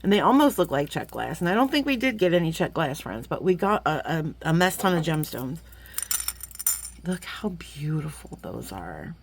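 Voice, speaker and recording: A woman's voice: on the low side, animated, fairly quick, few pauses, a little hiss or hum. Gushing chatty woman with a lilt. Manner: chatty and gushing, talks to viewers as friends; sometimes drops to a playful whisper. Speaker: jewelry-making vlogger. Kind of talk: casual unboxing chat.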